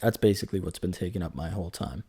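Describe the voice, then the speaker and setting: A man's voice: low-pitched, quick pace, warm tone, slightly rough. A man in his twenties talking through a casual solo podcast, rambling and chatty, joking as he goes and correcting himself. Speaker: podcast host.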